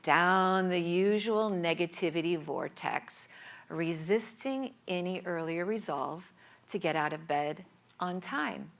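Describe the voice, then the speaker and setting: A woman's voice: fairly low pitch, takes it slowly, a bit bright. A woman giving a scripted storytelling talk, in a dramatic, playful delivery with whispered asides. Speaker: speaker.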